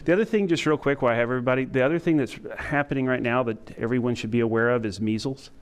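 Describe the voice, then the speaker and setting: A middle-aged man giving a training lecture to emergency medical staff, talking in a self-described monotone and pausing often with fillers. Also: mid-range voice, clear, resonant tone. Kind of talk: conference lecture to EMS staff. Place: lecture room with an audience.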